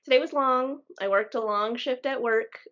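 Young woman cohosting a podcast, kinda high voice, chatty, muffled lo-fi mic. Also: moderate pace, a bit bright. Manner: chatty, laughs while telling stories. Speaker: podcast co-host. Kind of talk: casual chat.

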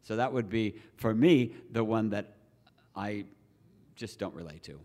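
A man who is a Reform Jew explaining his tradition to a church group in a measured, teacherly way, with pauses and restarts. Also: lowish voice, mellow. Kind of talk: explanatory talk with questions. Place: church hall.

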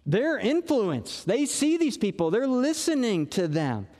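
A man's voice: extremely high pitch, sing-song, measured pace, a little mellow, big-room sound. A man preaching a sermon as pastor, earnest and conversational, with emphatic rises.

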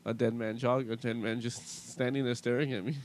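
A young man in casual chat, telling a ghost story in a halting way with many restarts. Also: little pitch movement, a little hiss or hum. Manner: halting, full of restarts and fillers, low-key.

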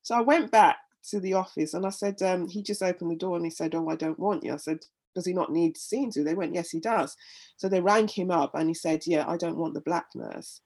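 A woman's voice: fairly low pitch, brisk, a little mellow, breathy edge. A middle-aged woman, a guest in an interview, telling her own story in an earnest, heartfelt way, often repeating words as she gathers her thoughts. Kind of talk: candid personal interview.

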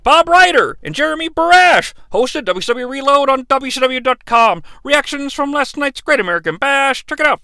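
Bright-voiced, sarcastic man. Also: very high voice, clean tone, dry recording. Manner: sarcastic, swearing, jokey asides. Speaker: podcast host recapping a wrestling show. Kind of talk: casual comedic recap.

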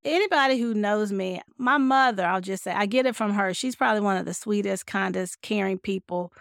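A woman's voice: medium pitch, a little fast, vocal fry, clear, resonant tone, no room sound, studio quality. A woman physician speaking candidly about burnout in a conversational talk, now and then acting out her own thoughts. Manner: candid, animated, acts out quoted thoughts.

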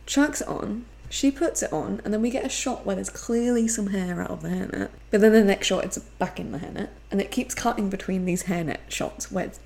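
A woman's voice: mid-range voice, a little fast, vocal fry, few pauses. A woman co-hosting a podcast, chatting casually through an episode recap and acting out the characters' lines. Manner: animated, acts out characters' lines. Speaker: podcast co-host.

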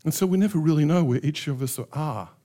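A middle-aged pastor preaching a sermon with passion, acting out heartfelt prayers in changing voices. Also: male voice, a little high, quick pace, mellow. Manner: impassioned, acts out prayers in shifting voices.

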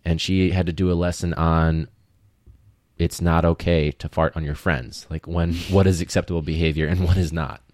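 A man, a high school teacher hosting a casual podcast, joking, asking questions and laughing often. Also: little pitch movement, normal speed, a little mellow, no room sound, studio quality.

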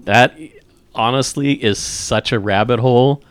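A man's voice: mid-range voice, unhurried, smooth. A man co-hosting a casual podcast, telling stories in a chatty way with groans. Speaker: podcast co-host.

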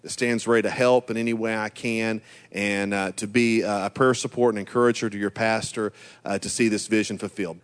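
A man's voice: fairly low pitch, steady tone, brisk, clear, resonant tone. A middle-aged man from Georgia preaching as a guest pastor, earnest and encouraging, with frequent "uh" fillers. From Georgia, USA. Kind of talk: sermon.

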